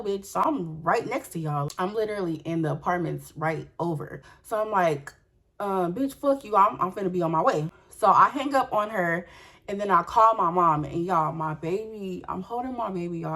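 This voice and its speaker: Young woman, storytime vlogger, animated and profane, talks straight to her viewers. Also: lowish voice, creaky. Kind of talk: storytime vlog.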